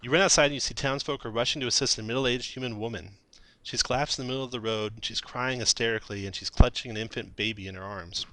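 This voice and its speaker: A man acting as dungeon master, narrating scenes and explaining rules in a relaxed way with occasional fillers. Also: mid-range voice, quick pace. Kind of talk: narrating a tabletop game.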